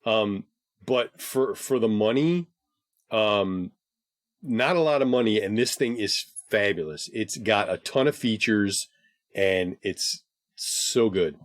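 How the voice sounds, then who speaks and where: A man's voice: on the low side, takes it slowly, no room sound, clean studio sound. A man co-hosting a gaming podcast in casual chat, upbeat and steering the show along. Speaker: podcast co-host.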